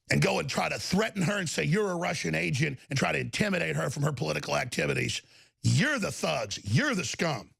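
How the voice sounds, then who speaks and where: Gravelly ranting man, shouting tirade. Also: on the high side, dry recording, studio quality. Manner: angry, shouting, insulting tirade. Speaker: talk radio host. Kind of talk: ranting talk show monologue.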